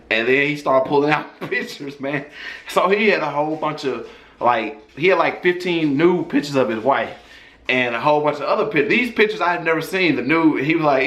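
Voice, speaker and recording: A man's voice: a little high, animated, brisk, fairly bright tone, reverberant. A man casually telling a personal story in a loose, profane, conversational way.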